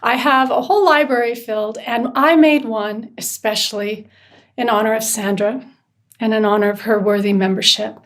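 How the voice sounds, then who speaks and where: Enthusiastic higher-voiced woman. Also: steady tone, normal speed. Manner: enthusiastic, effusive. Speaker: meditation guide. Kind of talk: casual group video call chat.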